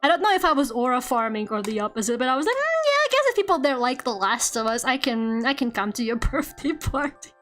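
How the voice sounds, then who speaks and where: Young woman streamer, high bright voice, loose swearing chatter, soft music under. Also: fast, hardly any pauses. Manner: animated, swearing, laughing, reading chat aloud. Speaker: VTuber art streamer. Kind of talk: casual stream chat. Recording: faint music behind. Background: faint background music.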